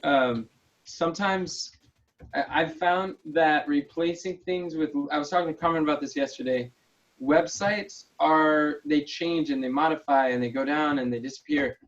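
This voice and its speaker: A man's voice: fairly high pitch, normal speed, distant mic. A man explains slide design in a casual video call, speaking patiently with restarts. His voice sounds set back from the mic. The call audio is muffled. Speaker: volunteer teaching slide design.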